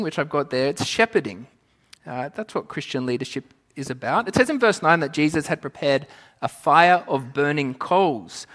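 A man's voice: fairly high pitch, fairly bright tone. Man preaching a conversational sermon. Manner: conversational, storytelling, asks the congregation questions. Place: church. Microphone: microphone.

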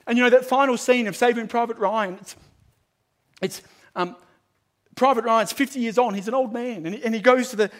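A high-pitched man preaching with fervor. He swings from ringing, emphatic declarations down to a quiet, pleading call, speaking to a crowded room. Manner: emphatic, swings from loud proclamation to hushed appeal. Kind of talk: evangelistic sermon. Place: large room with a live audience.

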